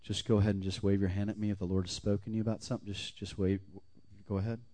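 A pastor leading his congregation in a fervent sermon prayer, calling out lines for them to repeat and sometimes dropping to a hush. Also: on the low side, little pitch movement, rapid-fire. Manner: fervent, leads call-and-response prayers, drops to whispers.

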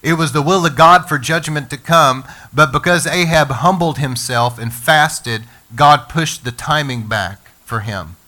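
A man preaching a sermon to his congregation, energetic and calling on the listeners to respond. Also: a little high, a little slow, hardly any pauses. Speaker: pastor.

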